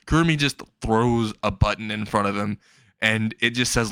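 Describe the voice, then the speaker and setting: A man's voice: fairly low pitch, normal speed, fairly bright tone, clear, resonant tone, no echo, clean studio sound. A man casually telling a comic fan story, laughing and swearing as he rambles along.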